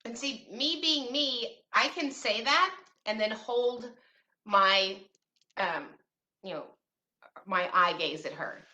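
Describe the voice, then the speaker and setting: A woman's voice: a little high, lively intonation, takes it slowly, long pauses, sharp tone. A middle-aged woman hosting a show on parents' rights, talking casually with sarcastic, teasing asides. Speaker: special education advocate and host. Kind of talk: casual talk to camera.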